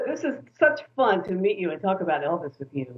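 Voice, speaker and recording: A woman author being interviewed, telling stories in an animated, opinionated way. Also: fairly low pitch, fast talker, narrow, tinny audio. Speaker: author and guest.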